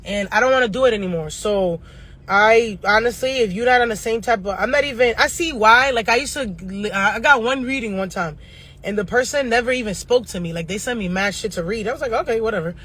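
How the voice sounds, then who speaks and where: A woman astrologer delivers her reading as a casual rant, blunt and full of swearing. Her voice is bright and forward, and she keeps wandering off on tangents before pulling back to the forecast. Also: a little high. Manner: blunt, profane, fast-ranting with tangents. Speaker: astrologer and tarot reader.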